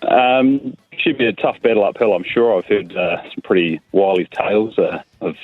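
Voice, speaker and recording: Deep-voiced New caller on a tinny phone line. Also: male voice, normal speed, faint music behind.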